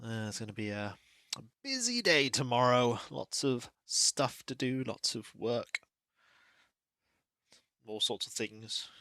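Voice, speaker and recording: A man, a livestreamer, chatting casually and greeting viewers by name in a relaxed, playfully formal way from his home. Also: medium pitch, slow, long pauses, no room sound. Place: home room.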